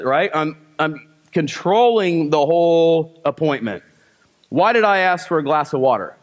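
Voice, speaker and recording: A male sales trainer working a live seminar crowd. He keeps firing rhetorical questions and then answers them with short, punchy commands. His voice sits a little high for a man. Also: animated, unhurried.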